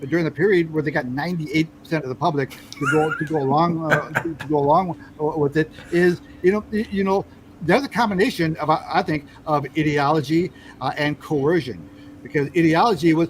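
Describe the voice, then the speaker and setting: A man with a somewhat high voice talks on a podcast over a faint background hiss. He speaks haltingly, repeating words and restarting his sentences. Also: poor audio. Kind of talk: casual conversation.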